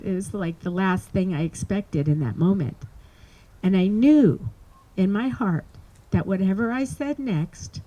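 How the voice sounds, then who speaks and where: Mellow-voiced woman telling a personal story. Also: medium pitch, poor audio. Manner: earnest, halting, emotional recounting. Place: live performance space.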